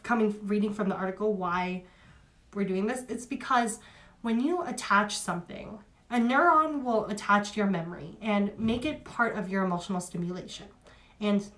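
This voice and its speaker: A young woman giving a casual spoken review, chatty and emotional, with many fillers and restarts. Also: medium pitch.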